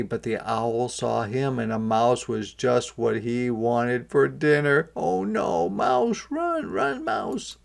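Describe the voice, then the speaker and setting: Reading a picture book to young kids, a man who teaches kindergarten stops now and then to explain words. He has a medium-pitched, gravelly voice.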